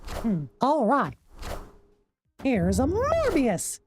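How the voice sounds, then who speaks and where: A man streaming a card game while putting on a squeaky, high cartoon mouse voice and swearing in character. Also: wildly swooping pitch, extremely slow, faint music behind, heavily acted. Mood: squeaky playful. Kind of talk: live game stream chat.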